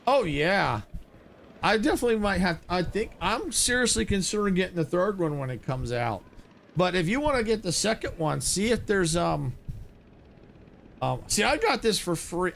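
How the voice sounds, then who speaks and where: A man giving casual, excitable commentary while playing a video game, exclaiming and laughing often. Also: a little high, normal speed, vocal fry, slight background noise. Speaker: gaming streamer.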